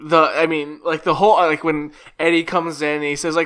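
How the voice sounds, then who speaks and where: A man co-hosting a casual film chat, bouncing between dry asides and exaggerated put-on voices as he acts out scenes. His voice is bright and his pitch jumps around a lot, and he laughs often and swears freely. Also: huge pitch swings, normal speed, clean tone. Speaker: podcast co-host. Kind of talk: casual movie discussion.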